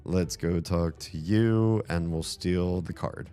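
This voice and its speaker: Low-voiced guy doing a let's play, kinda hoarse, rambly and sweary. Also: takes it slowly, warm tone, soft background music. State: losing his voice. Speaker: gameplay commentator. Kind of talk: casual let's-play commentary.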